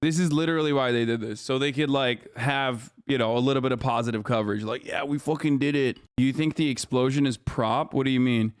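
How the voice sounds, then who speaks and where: A man's voice: medium pitch, fairly quick, few pauses, smooth, no echo, studio quality. A man streaming reactions to news clips, ranting in a casual, profane, sarcastic way. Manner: profane, sarcastic, animated rants.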